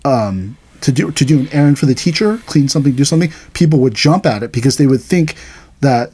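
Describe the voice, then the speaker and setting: A man's voice: medium pitch, animated, a little fast, dark tone, breathy edge. A middle-aged man, an aikido teacher, telling stories in casual chat, acting out quoted voices and laughing along.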